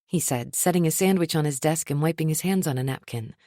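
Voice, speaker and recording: A woman narrating a first-person romance audiobook in an expressive, wry storytelling manner. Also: sits low, fairly quick, no room sound, studio quality.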